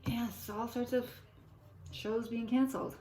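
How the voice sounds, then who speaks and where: A woman's voice: on the high side, level tone, unhurried, warm tone. An older woman, chatting casually in a meandering way and breaking off into forgetful asides to herself. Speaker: vlogger. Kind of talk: casual rambling chat. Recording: echoey room.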